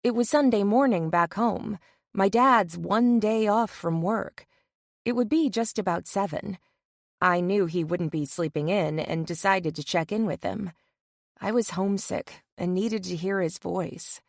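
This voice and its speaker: A woman reading a first-person romance audiobook in an even, measured way into a close mic. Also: mid-range voice, gravelly, dry recording. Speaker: audiobook narrator. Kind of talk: first-person scripted narration.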